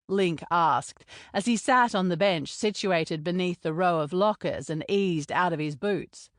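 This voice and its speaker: Woman audiobook narrator, low voice, dry booth sound. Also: expressive, a little slow, hardly any pauses, no room sound.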